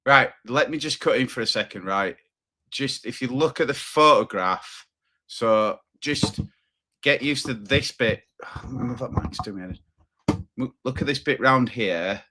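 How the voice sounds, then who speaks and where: A man's voice: medium pitch, a little slow, bright, forceful tone. A man hosting a livestream, reacting to clips with blunt, sceptical, swearing commentary. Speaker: livestream host.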